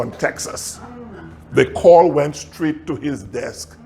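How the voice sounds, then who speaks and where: Middle-aged male pastor, storytelling sermon, animated swoops and chuckles, slightly high voice. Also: takes it slowly, creaky. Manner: animated preaching with sudden high pitch swings; chuckles while telling stories.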